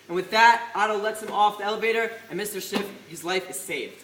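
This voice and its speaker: Young guy, pretty high voice, earnest speech w lots of restarts, echoey hall. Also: fast talker, a bit bright. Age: young adult. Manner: earnest storytelling, frequent restarts and Hebrew study terms. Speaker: yeshiva student giving a farewell speech. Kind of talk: speech at a study celebration. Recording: echoey hall with faint noise.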